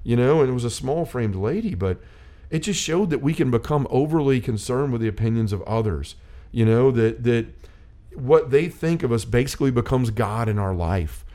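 A man's voice: mid-range voice, animated, moderate pace, dark tone. A middle-aged man hosting a faith-based chat, telling a personal story in an earnest, rambling way. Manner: earnest storytelling, many restarts and quoted dialogue.

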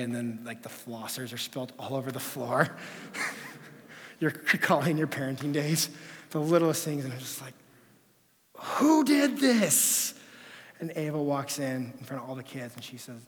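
A man preaching a sermon as pastor, telling stories in an animated way that swings between loud passages and hushed ones. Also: medium pitch. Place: church sanctuary. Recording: long reverb of a church hall.

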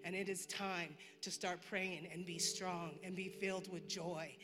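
A woman's voice: lowish voice, steady tone, a little slow. A woman from the congregation telling a personal story, chatty and quoting herself and others. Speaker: church member giving testimony. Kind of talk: personal testimony. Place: church hall. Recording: church hall reverb.

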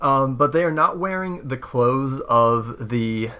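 A man narrating a tabletop role-playing game as game master, halting and full of fillers. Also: medium pitch, expressive, bright, forceful tone, clean tone.

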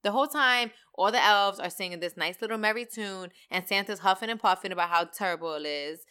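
A woman hosting her own podcast, ranting in a casual, animated way with lots of slang and swearing. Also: mid-range voice, clean tone. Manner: animated, slangy and profane, talks fast. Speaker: podcast host. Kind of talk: casual solo podcast rant.

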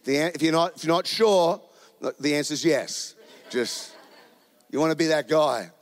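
A New Zealand-accented pastor delivers a sermon in a church auditorium, talking into a handheld mic in a relaxed, joking way. His voice sits a little high and moves at a normal speed, trailed by a long reverb.

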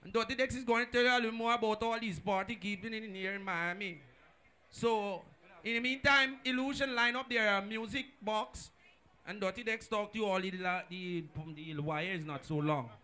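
A man with a Jamaican accent MCing a party, shouting announcements and hype to the crowd over a microphone. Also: high-pitched, moderate pace, clear, resonant tone. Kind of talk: hyping a live party crowd over a mic.

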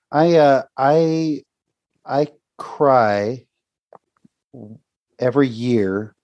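A man's voice: medium pitch, a little mellow, dry recording. A man hosting a podcast, talking in a heartfelt, rambling way with many restarts about his faith. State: near tears. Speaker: podcast host. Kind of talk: casual faith conversation.

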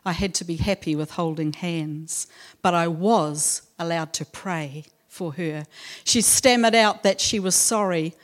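Woman at church reading bible verses real slow then telling a story, easygoing and a bit funny. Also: on the low side. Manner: reads scripture slowly then tells a story with gentle humour. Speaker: church speaker sharing a testimony. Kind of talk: devotional talk and personal story.

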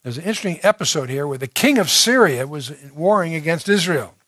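A man with a fairly high voice teaches through scripture verse by verse. He reads a passage aloud, then explains it in a conversational, unpolished way, with fillers and restarts. The recording is dry, with no room echo. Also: expressive, a little fast, a bit bright. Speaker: Bible teacher.

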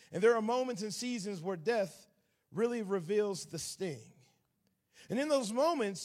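A man in his thirties from Georgia with a Southern accent, preaching as a guest with folksy humor and sudden loud bursts. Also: high-pitched. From Atlanta, Georgia. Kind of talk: sermon.

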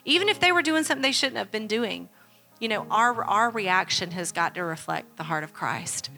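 A woman pastor delivers a sermon at a church service with a bright, forceful voice. She drives each point home through earnest, repeated appeals. Faint music plays underneath. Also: mid-range voice, expressive, normal speed, gravelly. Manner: earnest, repetitive exhortation.

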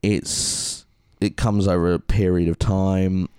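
Earnest deep-voiced man. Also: flat delivery, takes it slowly, mellow, clear, resonant tone, no echo, clean studio sound. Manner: earnest and heartfelt. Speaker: podcast co-host. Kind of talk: casual podcast chat.

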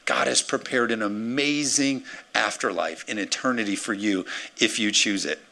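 Gravelly, bright-voiced man preaching. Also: on the low side, moderate pace. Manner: energetic preaching with playful acted asides. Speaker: pastor. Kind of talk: sermon.

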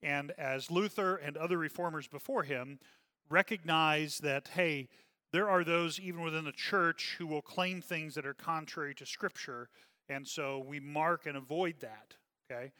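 A man's voice: fairly high pitch, normal speed, pushed and bright, long reverb tail. A man leading a Bible study as pastor, earnest and often checking in with "okay?".

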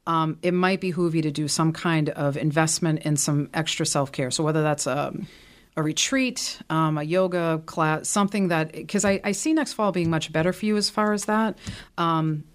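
A woman's voice: low voice, moderate pace. A woman hosting a podcast and reading tarot, chatting casually with a lot of fillers. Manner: chatty storyteller, many fillers. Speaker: podcast host and tarot reader.

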